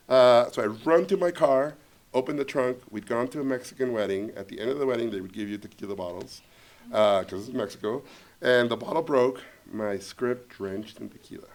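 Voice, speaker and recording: A man telling a comic anecdote to a student audience, animated and laughing as he acts out quoted lines. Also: medium pitch, fairly quick. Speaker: guest filmmaker at a student Q&A.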